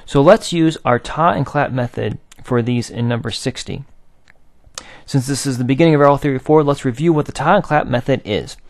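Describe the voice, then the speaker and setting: Guy teaching music rhythms, gravelly voice, dry close sound, patient, chants ta ta ta. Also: mid-range voice, a little fast, dry recording. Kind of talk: recorded aural theory lesson.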